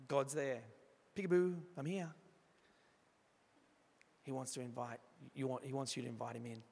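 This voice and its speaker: Earnest pastor in a reverberant hall. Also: male voice, medium pitch, vocal fry. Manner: earnest, swings from emphatic to hushed and soft. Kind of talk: evening church sermon. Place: church hall.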